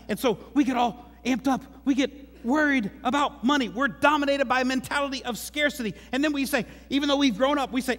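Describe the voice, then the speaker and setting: A pastor preaching in a church sanctuary, his voice high for a man and bouncing off the walls in a long reverb. He talks to the room conversationally and slips in joking asides. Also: moderate pace, pauses often. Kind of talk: sermon.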